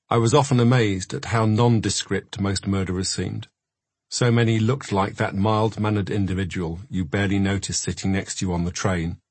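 A man narrating a memoir audiobook in a measured, reflective way. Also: fairly low pitch, breathy edge, no echo.

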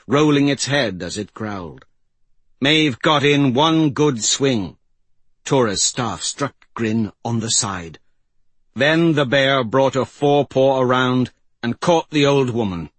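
A man narrating a fantasy audiobook in a slow, measured storytelling voice. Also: medium pitch, no echo.

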